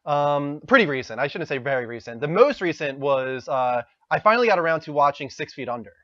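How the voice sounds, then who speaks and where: A man's voice: a little high, lively intonation, brisk, pushed and bright, no echo. A man hosting a casual gaming podcast, talking enthusiastically and thanking followers. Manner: enthusiastic, wraps up and reads out thanks. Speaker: podcast host. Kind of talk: casual chat. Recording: dull lo-fi dry sound.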